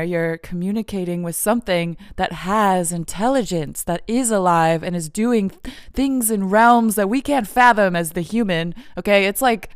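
A woman's voice: mid-range voice, smooth, no room sound, clean studio sound. A woman talking in a casual, meandering monologue, full of fillers and frequent laughs.

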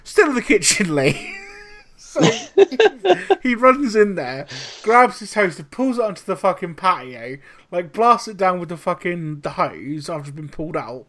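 Podcast host, young adult man, lively swearing storyteller, voice rising and falling a lot. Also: sits high, unhurried. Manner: animated storytelling, heavy swearing. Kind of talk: casual chat.

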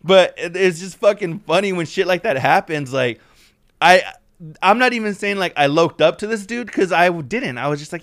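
Smooth-voiced man telling rambling stories. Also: high-pitched, lively intonation, normal speed, a bit bright, no echo, clean studio sound. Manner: profane, rambling storytelling with lots of fillers. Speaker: podcast co-host. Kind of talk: casual chat.

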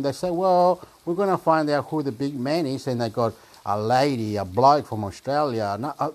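A man in casual rambling commentary, reading web pages aloud, halting and repeating words and breaking into exclamations. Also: mid-range voice. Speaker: vlogger reading websites aloud.

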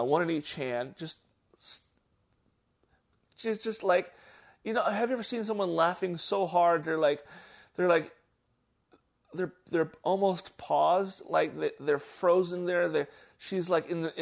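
A man casually telling a childhood story on a podcast, halting and restarting often. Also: on the high side, gravelly. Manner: halting, with many restarts and fillers; gets animated at the story's peak. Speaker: podcast host.

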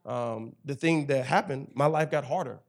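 A man in his thirties tells his faith story with emphatic, animated energy and a preacher's rhythm. His voice sits at an ordinary middle pitch. He works as a campus chaplain and talks like he's leaning toward the listener. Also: normal speed. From Tennessee. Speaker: campus ministry director and chaplain. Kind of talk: personal testimony in conversation.

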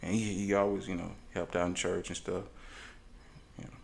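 A man's voice: deep voice, level tone, moderate pace, creaky, darkish tone. A man co-hosting a podcast, telling stories in a casual chat, laughing often and mimicking the voices of people he talks about. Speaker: podcast co-host.

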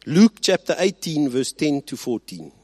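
A male pastor preaching a sermon, swinging between loud emphasis and quiet asides and often checking in with his listeners. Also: fairly high pitch, sing-song, normal speed, breathy edge, no echo. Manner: rhetorical check-ins with the congregation.

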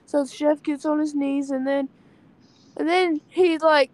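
A woman's voice: high voice, steady tone, a little slow, a little mellow. A young woman, in school, chatting casually about a film and retelling scenes with lots of 'like' fillers. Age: young adult. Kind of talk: casual movie chat.

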